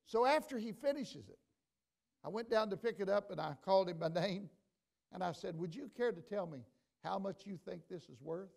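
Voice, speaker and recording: A man preaching a storytelling sermon as bishop in a church, folksy in his telling and building to loud exhortation. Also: high voice, expressive, moderate pace, gravelly. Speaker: bishop and pastor. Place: church sanctuary.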